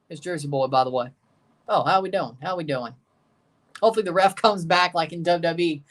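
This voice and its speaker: A man's voice: high voice, normal speed. A young man giving rambling, jokey live commentary while watching a match and chatting to his viewers. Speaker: watchalong streamer.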